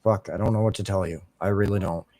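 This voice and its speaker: Swearing constantly, this young streamer from Canada vents his frustration to his chat while gaming. His low, warm voice is fast with fairly even intonation, and the recording is dry.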